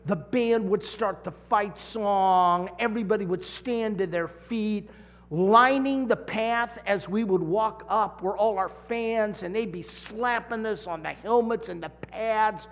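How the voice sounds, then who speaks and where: A man preaching a sermon, telling stories with dramatic shouts and drawn-out emphasis. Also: high-pitched, big-room sound. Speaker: pastor.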